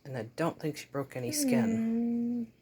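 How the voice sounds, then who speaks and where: A woman's voice: a little high, big pitch swings, a little slow, warm tone, slightly rough. A woman filming her dog and cat at home on a rainy day, chatting casually and using a soothing pet voice with the dog. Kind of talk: casual home video narration.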